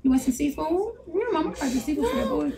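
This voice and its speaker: A woman's voice: high-pitched, very animated, quick pace, over a noisy crowd. A woman hosting a casual live stream, brash and profane, ranting to her viewers.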